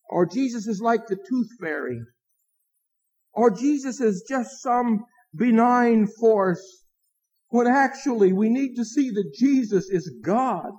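Pastor, male, high-pitched, earnest preaching with dramatic pauses, dull lo-fi recording. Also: a little mellow, slightly rough. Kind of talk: evening sermon.

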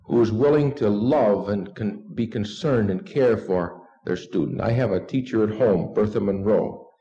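A man's voice: lowish voice, warm tone. Earnest male preacher, dull lo-fi tape. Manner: earnest, leads the congregation in repeating a text. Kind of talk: evening sermon. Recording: dull lo-fi recording.

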